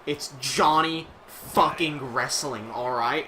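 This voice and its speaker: A young man commentating a wrestling video game on a live stream, excitable and swearing a lot, shouting one moment and muttering the next. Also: mid-range voice, measured pace, a little hiss or hum.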